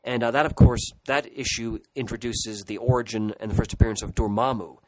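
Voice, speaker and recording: A man's voice: mid-range voice, steady tone, brisk, noisy background. A middle-aged man co-hosting a podcast, casually and nostalgically rambling through childhood memories. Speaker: podcast co-host. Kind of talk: casual chat.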